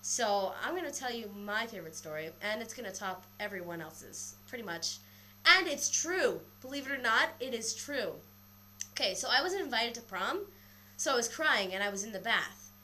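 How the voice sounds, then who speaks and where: A young woman with a slightly high voice at normal speed tells a story in a casual webcam vlog, recorded on the built-in webcam mic. She rambles animatedly, swears plenty, and sounds a little out of breath.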